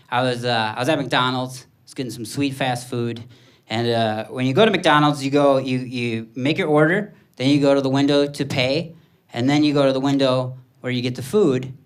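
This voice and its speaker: A man in his thirties doing stand-up comedy, telling self-deprecating stories in an anxious, animated way. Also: mid-range voice, normal speed.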